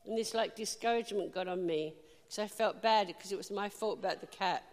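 A woman preaching a sermon, telling a personal story with lively, animated delivery and bursts of laughter. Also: medium pitch, a little fast, in a large hall.

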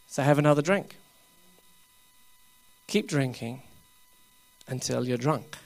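A man preaching at a revival meeting, laughing often as he coaxes the crowd and rises to loud bursts. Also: mid-range voice, slow pace, creaky, pauses often.

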